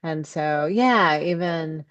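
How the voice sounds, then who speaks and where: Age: unknown. Sex: woman. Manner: thoughtful and halting, often pausing with ums. Role: podcast interview guest. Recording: dull, lo-fi and dry, low and slow. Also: no room sound. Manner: thoughtful, halting with many ums, lively when voicing her own inner thoughts. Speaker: guest, ecopsychology scholar and author. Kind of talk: reflective podcast interview talk.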